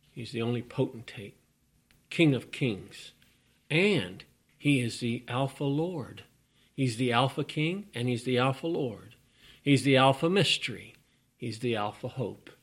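A man's voice: medium pitch, creaky, fairly bright tone, breathy edge. A man preaching a folksy, emphatic sermon, with sudden rising bursts.

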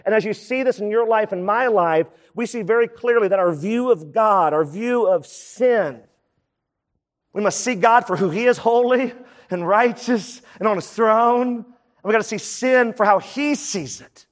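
A man delivers a sermon in a conversational preaching style, his voice sitting a touch high. He drops in quick asides between his points. The sound carries the long reverb of a large hall. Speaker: pastor.

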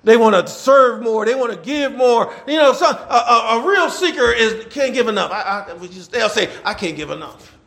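A male pastor delivers a sermon, his voice high and gravelly. He swings widely in pitch, repeats his lines, and rises to shouts. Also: animated, normal speed, hardly any pauses. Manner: repetitive call-and-response preaching, swelling to shouts.

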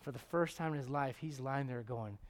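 A middle-aged man preaching a sermon as pastor, animated, swinging from loud exclamations to hushed tones and acting out voices in his stories. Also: mid-range voice, normal speed. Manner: acts out voices in his stories, chuckles often.

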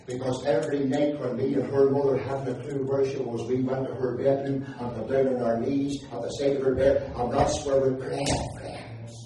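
A man's voice: medium pitch, warm tone, slight background noise. A middle-aged man preaching a sermon, telling his story with passion and rising into fervent declamation. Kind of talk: evangelistic sermon testimony. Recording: echoey hall, distant mic.

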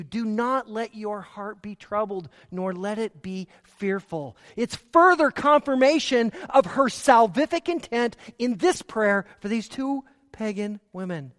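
A man preaching a sermon, earnest and emphatic, dropping to quiet low asides. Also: expressive, measured pace, long reverb tail.

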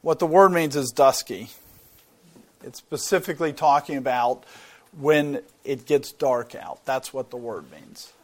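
A man delivers a Bible teaching in an earnest, explanatory way, at a middle pitch. He often restarts a phrase and repeats a word while he works out his point. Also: unhurried. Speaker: preacher.

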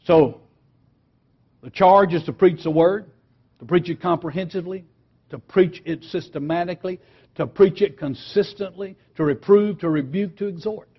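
A man teaching a lesson on preaching, emphatic and earnest, slowing down and dropping quiet on key words. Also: sits high, husky, dull audio. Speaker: preaching instructor.

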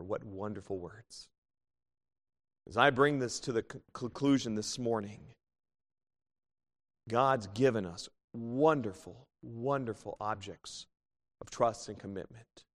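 A man in his thirties preaching a sermon as pastor, swinging between fervent, rising bursts and hushed, tender pleas. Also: lowish voice, slow, pauses often. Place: church sanctuary. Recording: long church reverb.

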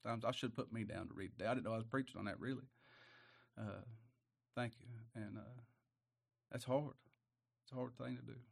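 A man preaching a sermon in a folksy, emotional way, dropping quiet and then rising loud. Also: mid-range voice, steady tone, fairly quick, gravelly, long pauses.

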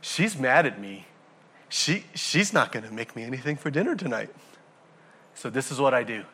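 A man preaching a sermon to a congregation, animated, throwing rhetorical questions and acting out everyday scenes. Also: medium pitch, moderate pace, husky. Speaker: pastor.

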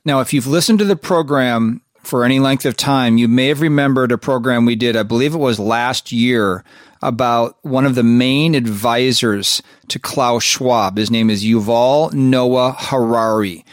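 A man's voice: medium pitch, unhurried, no echo, clean studio sound. A man hosting a show and commenting skeptically on clips, asking rhetorical questions. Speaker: show host.

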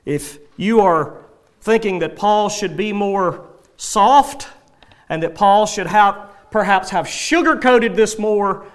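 A man preaching an expository sermon to his congregation, reading scripture and explaining it in a measured, emphatic way. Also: fairly high pitch, fairly bright tone. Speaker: pastor.

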